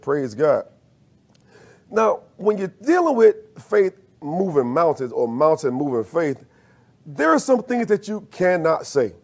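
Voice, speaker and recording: Gravelly, high-voiced preaching man. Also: a little mellow. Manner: call-and-response preaching, rising to emphatic peaks. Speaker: minister. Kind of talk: sermon.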